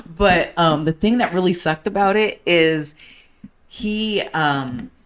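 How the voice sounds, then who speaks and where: A woman's voice: lowish voice, takes it slowly. A woman in her thirties hosting a podcast, telling a story casually and animatedly, laughing and swearing freely. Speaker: podcast host.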